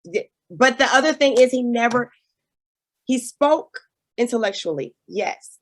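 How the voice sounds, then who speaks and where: A young woman with a Southern US accent, a guest in a casual chat, animated and emphatic, repeating her points. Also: fairly high pitch, a little slow.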